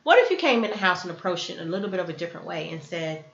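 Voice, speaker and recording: A woman's voice: fairly low pitch, expressive, very fast, creaky, fairly bright tone. A woman hosting a self-help lesson, talking earnestly to the camera and acting out sample dialogues. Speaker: self-help video host. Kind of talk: teaching talk to camera. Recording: echoey room, dull lo-fi sound.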